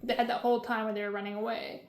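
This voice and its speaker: A woman picks holes in the plot in casual chat and teases her co-host dryly. Her voice sits a little high. The room adds an echo. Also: flat delivery, racing. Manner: skeptical, nitpicking, dry teasing. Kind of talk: casual spoiler review chat. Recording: roomy echo.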